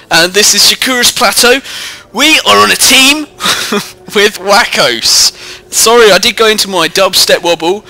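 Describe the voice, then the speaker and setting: A man's voice: sits high, a little slow, gravelly, pushed and bright. A young British man in his teens giving jokey, rambling live commentary on a strategy game into a headset mic. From Britain. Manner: jokey, rambling, self-mocking. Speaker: gameplay commentator. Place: indoors at home, away from the usual recording spot.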